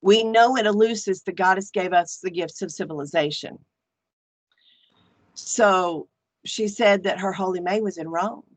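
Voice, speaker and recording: Outspoken priestess woman, middle pitch, dry close sound, animated and frank. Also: measured pace, dry recording. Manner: animated, frank, swears casually. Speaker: podcast guest, archpriestess. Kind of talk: casual chat.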